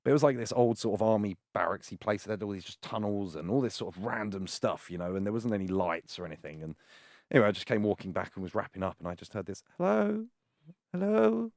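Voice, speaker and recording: A British man and adult film performer telling stories in a casual, animated way and acting out other people's lines. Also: low-pitched, quick pace, no room sound, clean studio sound. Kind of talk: casual storytelling.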